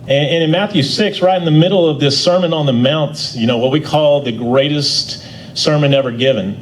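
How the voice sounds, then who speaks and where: A man teaching a church Bible class in a folksy, conversational way. He often restarts and repeats words, and he gets louder on his key points. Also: on the high side, normal speed, poor audio.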